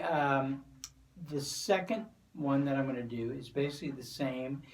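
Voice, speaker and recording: A man teaching a drum lesson, walking through each pattern in a relaxed, unhurried way with frequent pauses and fillers. His voice sits at a middle pitch and is picked up from some distance, as if the mic is placed for the drums. Faint drum and cymbal sound hangs around him. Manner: relaxed, explaining step by step with fillers. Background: drum kit and cymbals.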